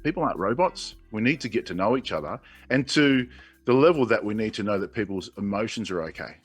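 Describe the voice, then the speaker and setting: A man with an Australian accent, talking fast in a low, husky voice. He chats casually as a radio guest and tells lively stories, acting out the people he quotes. Faint music plays behind him. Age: 40s.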